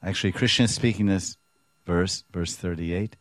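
A man's voice: low voice, moderate pace, dry recording. A man teaching a sermon on scripture, telling the story with animation and chuckling as he explains words. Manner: animated storytelling, acts out dialogue, chuckles often. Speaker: spiritual teacher.

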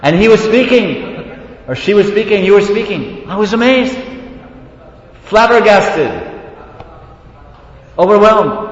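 A man giving a devotional scripture class, reading passages and retelling stories in an animated way. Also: measured pace, pauses often. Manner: storytelling, switches between reading and animated retelling. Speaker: lecturer on scripture. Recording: echoey hall, dull low-fi sound.

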